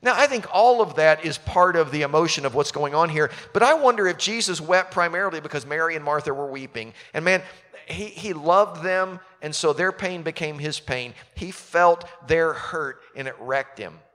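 Pastor preaching in a big echoing hall. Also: male voice, on the high side, moderate pace, bright, forceful tone. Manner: conversational preaching, asks the listeners questions. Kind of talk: sermon. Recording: long reverb of a large hall.

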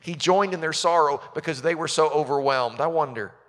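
Guy preaching, kinda high voice, chatty sermon style, long hall echo. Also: fairly quick, a bit bright. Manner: conversational preaching, asks the listeners questions. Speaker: pastor. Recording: long reverb of a large hall.

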